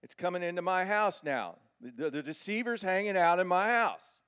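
Animated folksy preacher man. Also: sits high, normal speed, clean tone. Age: middle-aged. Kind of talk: sermon.

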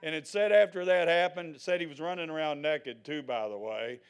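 Older male preacher, high voice, folksy and theatrical, loud to hushed. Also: brisk, clean tone. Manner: dramatic, swings from loud to hushed; folksy, acts out the scenes he tells. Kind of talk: sermon.

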